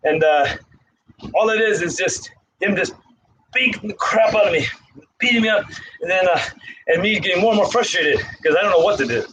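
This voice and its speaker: A man with a high voice, winded from doing push-ups as he talks, drifting between counting and rambling stories in a loose, casual way. The recording is noisy and rough. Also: fairly quick, pauses often. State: out of breath from exercise. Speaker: karate instructor.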